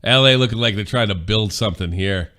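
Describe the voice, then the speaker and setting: A man co-hosting a casual sports podcast, chatty and quick with asides about the match. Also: lowish voice, sharp tone. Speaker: podcast co-host.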